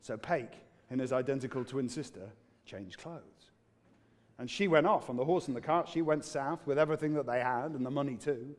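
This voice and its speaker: A man with a British English accent telling a folk tale live, in an animated, dramatic and playful way. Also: mid-range voice, a little fast. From Britain. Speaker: storyteller.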